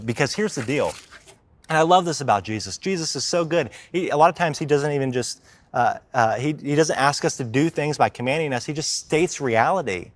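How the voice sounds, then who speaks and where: A man's voice: on the high side, lively intonation, no echo. Conversational man preaching a sermon. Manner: conversational preaching, acts out quoted complainers, slows for emphasis. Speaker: life group minister preaching.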